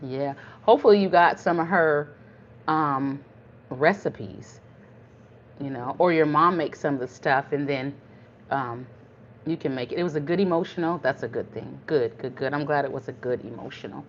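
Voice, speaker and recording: An older woman talks at a normal speed in a low voice while hosting a casual live cooking chat. She comes across as chatty and warmly encouraging in a folksy manner, and the stream's audio is muffled and lo-fi, with a faint room hum.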